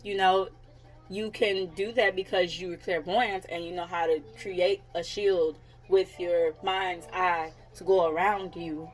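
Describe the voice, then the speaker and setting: A woman's voice: fairly low pitch, steady tone, a little slow, poor audio. Blunt, laughing woman in her thirties. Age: 30s. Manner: candid, blunt and profane, laughing often. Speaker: psychic coach. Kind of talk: casual vlog talk.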